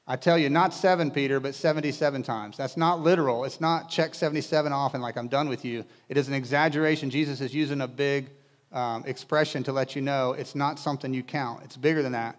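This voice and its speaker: A man's voice: mid-range voice, steady tone, fast. A male pastor preaching to a congregation in a conversational way, with casual asides and humor. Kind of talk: sermon. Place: church in front of a congregation.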